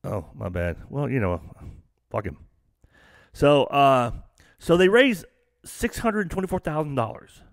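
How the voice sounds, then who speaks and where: A man's voice: mid-range voice, animated, unhurried, creaky, no echo, studio quality. A middle-aged man from Texas hosting a live stream, ranting bluntly and profanely in a rambling, casual way.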